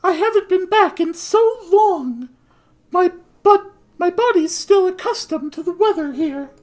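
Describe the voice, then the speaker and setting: A man voicing a modest, reserved retired woman in a soft, polite falsetto while reading a game aloud. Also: lively intonation, a little slow.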